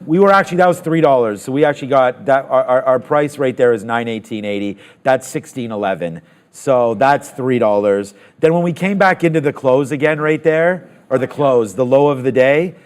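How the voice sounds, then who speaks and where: A man hosting a live trading stream, talking through trades with excited asides and plenty of fillers. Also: mid-range voice. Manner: excitable, thinks aloud with fillers. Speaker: trading show host. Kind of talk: live market commentary.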